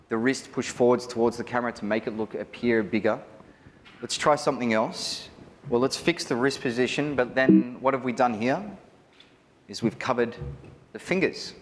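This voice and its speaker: An Australian man giving a wedding photography seminar, chatty and animated, often asking the audience questions. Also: medium pitch, normal speed. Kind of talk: live seminar talk to an audience. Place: large hall. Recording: reverberant hall with faint ambience.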